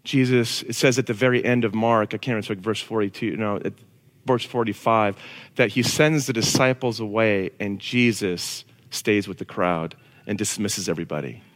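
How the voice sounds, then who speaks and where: A man preaching a casual, animated sermon to a congregation. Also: on the low side, normal speed. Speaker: pastor. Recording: long reverb of a large hall.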